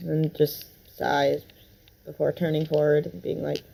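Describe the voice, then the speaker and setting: A woman's voice: low-pitched, flat delivery, unhurried, vocal fry, dark tone, a little hiss or hum, low-quality recording. A woman narrating and running a tabletop role-playing game, speaking hesitantly with fillers. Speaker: game master.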